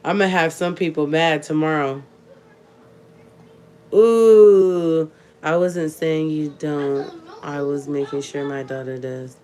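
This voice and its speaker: A woman's voice: low voice, slow pace. A young woman vlogger and mother chatting emphatically to her viewers, speaking to them directly in a casual way. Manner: coos softly in baby talk to her infant. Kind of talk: casual talk to camera.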